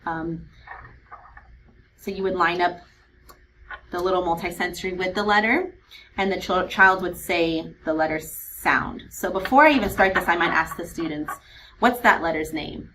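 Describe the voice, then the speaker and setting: A woman kindergarten teacher walks parents through reading practice in a clear, patient voice. She slows down to model words and letter sounds carefully. A faint noise sits under the recording. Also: on the low side, pushed and bright, low-quality recording. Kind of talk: instructional video for parents.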